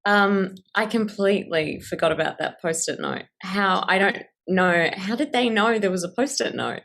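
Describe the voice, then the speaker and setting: A woman's voice: medium pitch, normal speed, vocal fry, fairly bright tone. A young woman with an Australian accent, an actress answering interview questions in a thoughtful way, often restarting her sentences. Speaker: actress guest.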